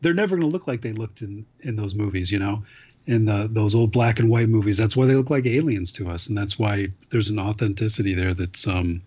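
A man's voice: lowish voice, fairly quick, a little mellow, lo-fi sound. Rambling, wry man on a podcast. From now living in California. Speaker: podcast host. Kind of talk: casual chat.

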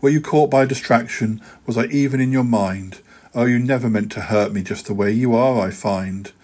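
A man's voice: medium pitch, moderate pace, darkish tone. A podcast host reading his own rhyming poems aloud in a rhythmic, sing-song way, with hesitant fillers when chatting.

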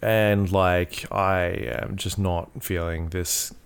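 A man's voice: deep voice, fairly even intonation, takes it slowly, clear, resonant tone. A man co-hosting a casual podcast, rambling and full of fillers, swearing freely as he talks through his thoughts. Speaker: podcast co-host. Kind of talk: casual chat about video games.

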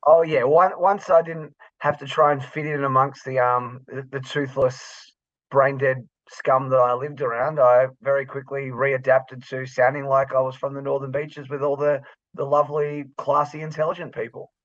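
A man's voice: medium pitch, little pitch movement, normal speed, a bit bright, dry recording, muffled recording. An Australian man co-hosting a casual podcast over a remote call, joking with sarcastic exaggeration. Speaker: podcast co-host. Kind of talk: casual chat.

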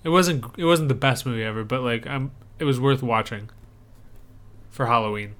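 Rambling bright-voiced male podcast host. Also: medium pitch, normal speed. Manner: rambling, frequent restarts and self-corrections. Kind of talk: casual chat.

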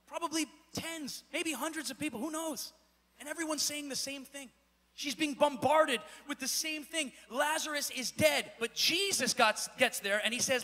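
A man pastor preaching a sermon in a church, with a repetitive, building cadence that rises to shouts. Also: extremely high pitch, moderate pace. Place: church sanctuary. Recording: echoey church hall.

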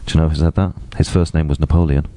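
A man co-hosting a podcast, chatting casually and reading out quotes with a playful, drawn-out delivery. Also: rumbling low, fairly even intonation, mellow, no room sound. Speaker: podcast co-host.

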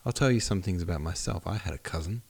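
A man reading the lines of a fond aristocratic mother in an audiobook, admonishing gently and patiently. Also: deep voice, fast talker, vocal fry, slightly rough, exaggerated voice. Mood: gently scolding.

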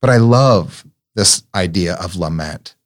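A middle-aged man gives an earnest, reflective talk much like a sermon, gently sharing personal stories and often repeating words while searching for the right one. His voice is low and animated, delivered at a measured pace.

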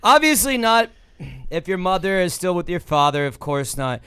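A male podcast host leads casual banter in an easygoing, joking way. His voice is smooth and clear and a touch high. The sound is dry and close. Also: very animated, normal speed, bright, forceful tone, no room sound. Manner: easygoing, jokey, leads the segments. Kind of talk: casual chat.

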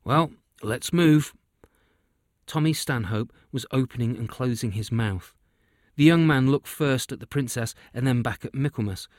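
A man reading a children's fantasy story aloud, his voice sitting at an ordinary middle pitch. The delivery is steady and even, recorded close in a dry room with no echo. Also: moderate pace. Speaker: narrator.

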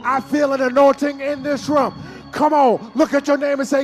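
A man preaching a sermon in a church, chanting lines in a sing-song way, rising to shouts and falling to soft murmurs as he leads the congregation. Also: extremely high pitch, little pitch movement, moderate pace, soft background music. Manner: sing-song call-and-response preaching, swells to shouts then drops to near murmurs.

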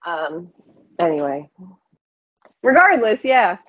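A woman's voice: lowish voice, big pitch swings, slow, husky, no room sound. Chatty young woman on a muffled call. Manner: rambling, filler-heavy, chatty. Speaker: podcast guest. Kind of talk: casual chat.

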